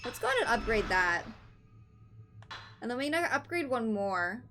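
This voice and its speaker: A young woman chats casually while she streams a game, playful and quick to giggle. Her voice is bright and sits a little high. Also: sing-song, faint music behind. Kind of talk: casual gaming stream chat.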